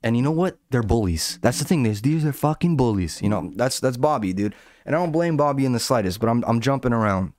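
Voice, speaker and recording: A man's voice: mid-range voice, animated, brisk, darkish tone, dry recording, clean studio sound. A man ranting casually about online drama, profane and rambling, often breaking off and jumping between points. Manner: profane, rambling, self-interrupting. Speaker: commentator.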